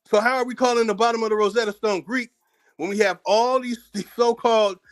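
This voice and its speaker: A man's voice: very high-pitched, fairly even intonation, a little fast, faint music behind. An American man hosting his own channel, delivering a heated, profane commentary rant, combative and repeating words as he gets worked up. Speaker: channel host.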